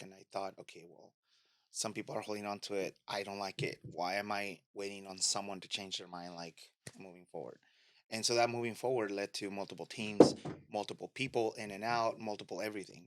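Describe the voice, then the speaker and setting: A man's voice: fairly low pitch, no room sound, clean studio sound. A man in a casual interview, telling stories as a guest and acting out the lines of people in them. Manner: storytelling, acts out quoted dialogue. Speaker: podcast guest and media host.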